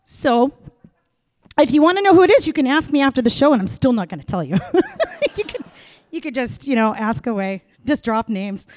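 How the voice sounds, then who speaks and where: A middle-aged woman doing stand-up storytelling, frank and animated, acting out the voices in her tale. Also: on the high side, fast, a little hiss or hum. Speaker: comedian.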